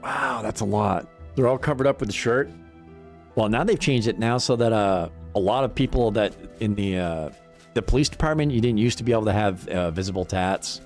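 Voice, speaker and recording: On a gaming livestream, a man with a fairly low, darkish voice chats casually over faint background music. He swears freely, rambles, and laughs often between thoughts.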